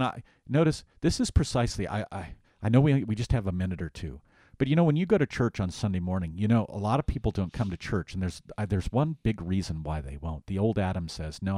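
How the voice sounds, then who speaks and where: A man co-hosting a conversational Bible study, animated, acting out voices for emphasis. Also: fairly low pitch, no room sound, studio quality.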